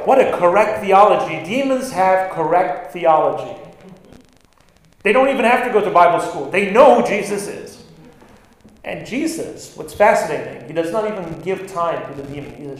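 A male pastor preaching an animated sermon, stressing lines and acting out quoted words. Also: sits high, normal speed. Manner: animated, acts out quotes with bursts of emphasis. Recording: very echoey room.

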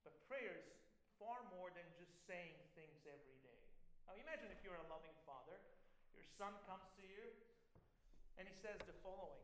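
A man's voice: sits high, lively intonation, moderate pace, fairly bright tone, slight background noise. A man preaching a sermon as a pastor, earnest and conversational, asking the congregation rhetorical questions. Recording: roomy echo with faint ambience.

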